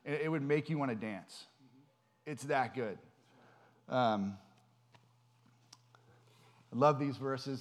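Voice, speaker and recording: A man's voice: medium pitch, slow, pauses often. Earnest man preaching casually. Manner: earnest, conversational, many ums and restarts. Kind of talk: informal sermon.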